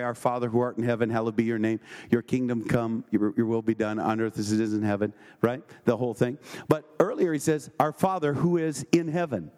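Speaking at a medium pitch with a somewhat mellow quality, this male preacher reads scripture aloud during an evening service. He stops periodically to put brief questions to his listeners, keeping things conversational but forceful.

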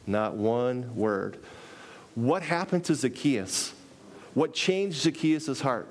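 A man preaching a sermon, animated, repeating phrases for emphasis and acting out little dialogues. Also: takes it slowly. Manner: animated, acts out dialogue with pitch jumps.

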